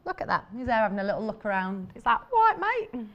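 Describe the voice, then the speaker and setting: A woman's voice: medium pitch, rapid-fire, a bit bright, lo-fi sound. Lady on a shopping channel, chatty and rambly, gushing over fabrics in a tv studio. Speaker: shopping TV presenter. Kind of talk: live shopping-channel demonstration.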